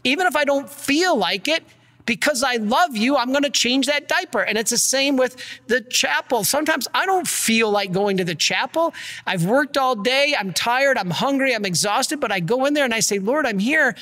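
A man, a priest, giving an earnest and energetic sermon with slides. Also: extremely high pitch, normal speed, big-room sound. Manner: earnest, energetic preaching, gets worked up.

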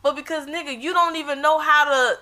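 A woman's voice: high voice, fairly even intonation, fairly quick, sharp tone. A young woman talking bluntly and emphatically in a casual chat, swearing freely.

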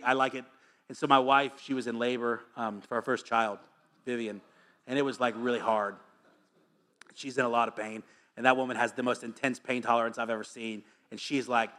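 A man preaching a sermon as pastor, energetic and joking, reading scripture aloud between stories. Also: medium pitch.

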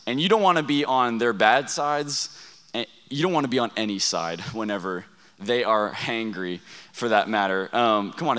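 A man's voice: fairly low pitch, moderate pace, pushed and bright, smooth. A young man preaching to a student camp, telling stories in a conversational way and asking the room questions. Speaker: youth pastor. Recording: long reverb of a large hall.

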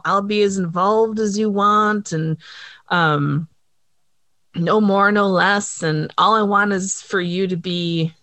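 A woman in casual chat recapping a TV episode, animated and laughing often, acting out the characters' lines. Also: medium pitch, no echo. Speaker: podcast co-host recapping a TV episode.

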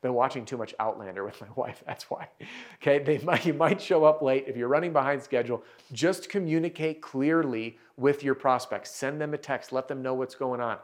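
Energetic male sales coach. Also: mid-range voice, a little fast. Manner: energetic, emphatic, coaching the viewer directly. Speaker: sales trainer for roofers. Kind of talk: instructional coaching talk to camera.

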